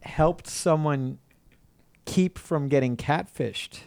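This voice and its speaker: A man's voice: a little high, slow, vocal fry, a little mellow, no echo. A man co-hosting a casual chat, telling loose stories and mimicking the people he quotes. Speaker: podcast co-host.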